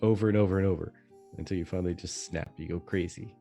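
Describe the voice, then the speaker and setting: Low, mellow-voiced man co-host, spins long animated gaming stories. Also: faint music behind. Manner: animated storyteller, drawn-out explanations. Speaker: podcast co-host. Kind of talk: casual gaming chat.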